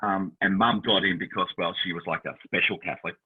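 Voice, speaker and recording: A man co-hosting a casual chat, telling animated stories and acting out the voices of people he quotes. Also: low-pitched, quick pace, husky. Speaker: podcast co-host. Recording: tinny phone-line sound.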